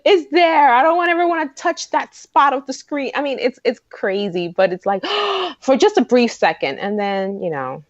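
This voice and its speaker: A woman guest co-hosting a fan podcast, excitable and rambling in casual chat. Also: high voice, no room sound, muffled recording. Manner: excitable, rambling, talks fast when excited. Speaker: guest co-host.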